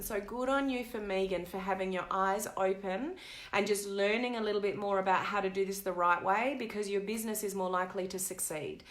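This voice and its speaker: A woman hosting a live stream talks casually into a webcam, chatty and animated. Her pitch sits in a middle range, and she moves easily between storytelling and reading viewer comments aloud. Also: fairly quick, roomy sound. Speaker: host of a live video stream.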